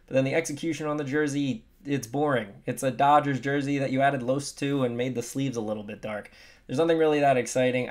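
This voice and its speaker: A young man giving casual, opinionated sports commentary, animated with emphatic swings in his delivery. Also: medium pitch.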